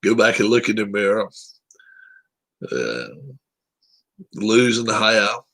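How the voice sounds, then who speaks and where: A man talks football in a relaxed, unscripted way. His voice sits low and has a husky grain. His opinions come out blunt and salted with profanity. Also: takes it slowly. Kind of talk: casual sports chat.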